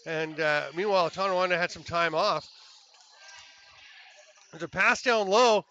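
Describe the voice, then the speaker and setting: A high-pitched man calls the game play by play, chatty between plays and jumping up in excitement whenever a goal goes in. His voice is bright and forward. The broadcast sound is slightly dull and lo-fi, with a faint hiss underneath. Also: measured pace. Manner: chatty, excitable on goals, apologetic asides. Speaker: play-by-play commentator. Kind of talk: sports commentary.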